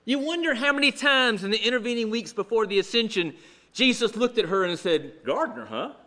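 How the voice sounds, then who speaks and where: A male pastor preaching a sermon with humorous storytelling, animated but dropping to a hush at solemn moments. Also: extremely high pitch, fairly quick.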